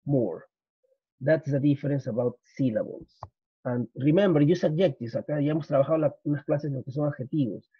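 Husky man teaching English with a Spanish accent. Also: mid-range voice, no room sound. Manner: explains slowly, repeats, switches into Spanish for students. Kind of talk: recorded grammar lesson. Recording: dull lo-fi.

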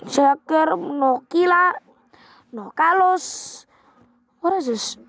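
Excitable high-voiced woman gaming. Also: takes it slowly, no room sound. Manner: excitable, swears a lot, reacts loudly to the game. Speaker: gaming vlogger. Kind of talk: casual let's-play commentary.

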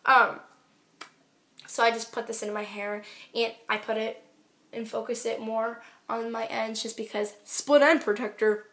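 A woman's voice: on the high side, fairly bright tone. A teenage girl chatting casually through her hair care products, rambling with lots of fillers. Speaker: beauty vlogger. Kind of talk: casual product review vlog.

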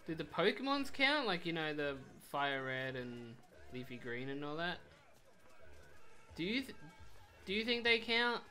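Sweary young gamer, lively pitch. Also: male voice, measured pace, long pauses. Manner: rambling, swears a lot, sudden loud outbursts. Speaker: gameplay commentator. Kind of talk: casual let's play commentary.

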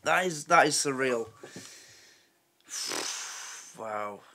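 A man's voice: mid-range voice, lively intonation, moderate pace, bright, forceful tone, slight background noise. A man hosting a reaction video, chatting in a rambling, openly moved way. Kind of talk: casual reaction commentary.

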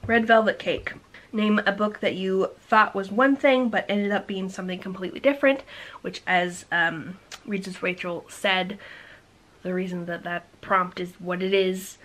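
Woman book vlogger, mid-pitched voice; casual, fast, bubbly chat to camera with the odd hushed aside. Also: poor audio. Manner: quick, energetic and chatty, with playful rhetorical questions.

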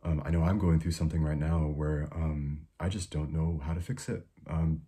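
Very deep, husky-voiced man preaching gently. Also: flat delivery. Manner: soft-spoken, unhurried, with frequent fillers and restarts. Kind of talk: informal devotional teaching.

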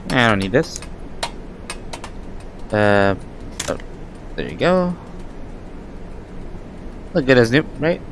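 A man's voice: medium pitch, big pitch swings, takes it slowly, long pauses, a little hiss or hum. A young man giving casual gameplay commentary, jittery and swearing, laughing nervously. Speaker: gaming YouTuber.

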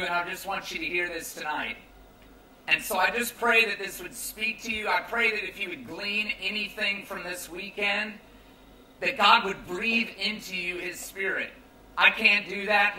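Bright-voiced American man preaching in a tent. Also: sits high, reverberant, recorded from a distance, slight background noise, rough recording. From United States. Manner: casual, joking, conversational preaching. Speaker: youth preacher. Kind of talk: sermon. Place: large tent at a campground.

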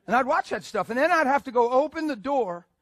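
A male preacher telling a story in a sermon, animated and emphatic, moving between loud bursts and hushed asides. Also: very high voice, a little fast, dry recording.

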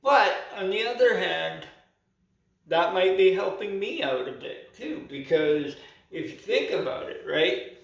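A man's voice: high-pitched, animated, a little slow, gravelly, fairly bright tone, recorded from a distance. A man who speaks a bit unclearly because he has no teeth, ranting defiantly in a casual vlog and peppering his talk with "you know" and "right". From Canada. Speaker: vlogger. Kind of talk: casual vlog rant to camera. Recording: roomy echo, voice away from the mic.

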